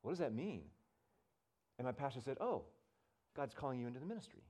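Preaching in church, a pastor animatedly narrates stories to the congregation and acts out the different voices. He has a medium-pitched voice and talks a little fast.

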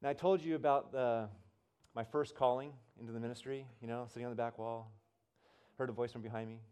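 A middle-aged male pastor preaches through a personal story in a medium voice. He stumbles and repeats words as he goes, and he lifts his voice high and loud when the story peaks. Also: fairly quick, clean tone. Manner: animated storyteller, voice rises high and loud at the climax; restarts and repeats words often. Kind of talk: sermon storytelling.

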